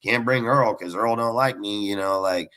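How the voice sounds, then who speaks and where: A man's voice: lowish voice, normal speed, bright, forceful tone. A man on a sports podcast panel, ranting heatedly about his football team, swearing constantly and rambling from point to point. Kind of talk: profane sports rant.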